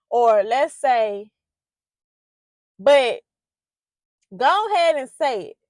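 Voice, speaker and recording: A poet and parenting vlogger reflects heartfeltly on parenting in a high-pitched, animated voice, speaking slowly and pausing often, with no room sound. Her delivery is loose, dotted with fillers and restarts, and she becomes loud and emphatic when pushing her points.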